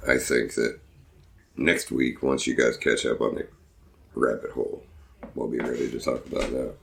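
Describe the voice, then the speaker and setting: A man's voice: extremely low pitch, little pitch movement, normal speed, vocal fry, fairly bright tone. A man co-hosting a podcast in casual chat, joking in a dry, sarcastic way. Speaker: podcast co-host.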